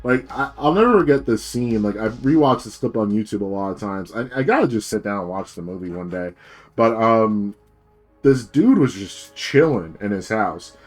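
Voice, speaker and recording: A man's voice: fairly low pitch, animated, moderate pace, soft background music. A man streaming as a VTuber, rambling in a casual rant full of fillers and swearing.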